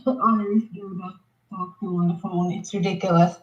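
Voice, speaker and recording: A young woman chatting casually as a guest, deadpan and wry with quick asides. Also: on the low side, reverberant. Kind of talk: casual live chat. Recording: slightly dull, lo-fi audio.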